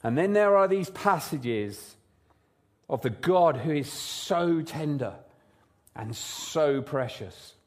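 Animated preacher man, bit high voice. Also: slow. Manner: animated, conversational preaching with rhetorical questions. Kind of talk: sermon with prayer. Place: church service, also streamed online.

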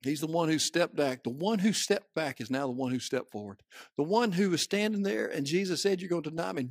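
A Southern American man delivers a sermon in a dry, close recording. His voice sits a little high and swings dramatically between hushed storytelling and shouted, fiery peaks. He acts out the people he quotes as he tells the story. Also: a little fast, no echo. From Southern United States. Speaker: pastor.

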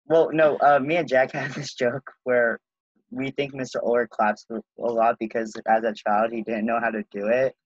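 A young man co-hosting a podcast in casual banter, laid-back and quick to laugh along. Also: medium pitch, level tone, no room sound. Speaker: podcast co-host. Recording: dull lo-fi mic.

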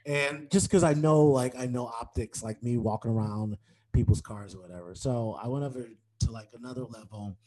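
A young adult man from Detroit, a stand-up comedian telling stories in a casual interview and acting out the voices of people he quotes. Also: normal speed. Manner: animated, acts out quoted voices with big pitch jumps.

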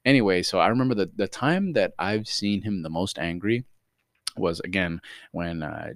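A man's voice: low-pitched, normal speed, no echo, clean studio sound. A man co-hosting a casual podcast, telling a story with lots of laughter and swearing. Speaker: podcast co-host.

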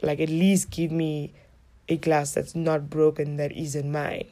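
A woman with a low voice, speaking a little slowly, delivers a casual storytelling rant to her viewers. She's blunt, swears a lot and acts out what people said with animated retelling.

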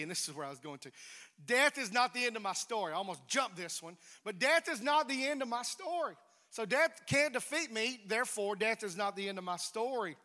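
A man preaching a sermon, emphatic, swinging between loud declarations and hushed near-whispers. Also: high voice. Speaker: pastor. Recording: reverberant hall.

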